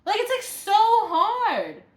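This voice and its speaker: A woman's voice: very high-pitched, wildly swooping pitch, slow pace. A woman delivering a frustrated, profane vlog rant, full of "like" fillers. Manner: exasperated, profane, many "like" fillers. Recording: roomy echo.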